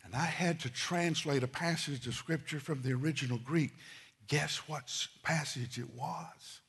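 A middle-aged man preaching a sermon, telling stories and swinging from loud, quick asides to hushed, slow lines. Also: a little high, breathy edge.

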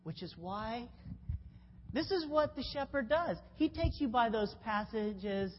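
A woman gives a sermon in a lively, storytelling voice that swoops up and down. She stumbles over words and restarts, then leaps in pitch to make a point. The recording is muffled and echoes through a large hall, with a faint hiss underneath. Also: unhurried. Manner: animated storytelling, with restarts and sudden pitch jumps. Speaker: preacher. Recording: dull sound in a long-reverb hall with faint noise.

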